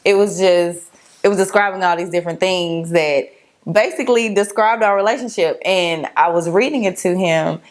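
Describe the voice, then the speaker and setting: Low-voiced woman telling a story. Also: normal speed. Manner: relaxed, rambling, lots of "like". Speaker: co-host telling a couple's story. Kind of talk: casual storytelling.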